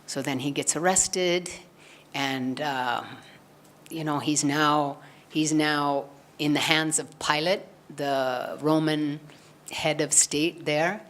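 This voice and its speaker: A woman's voice: sits low, steady tone, slow pace, fairly bright tone. A woman giving a spiritual satsang talk, earnestly retelling a gospel story and acting out the quoted lines. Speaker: satsang speaker.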